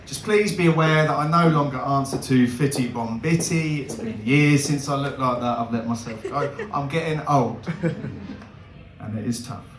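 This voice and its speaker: A young man doing stand-up comedy, animated and laughing, with big swings in pitch. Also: moderate pace, reverberant, background noise.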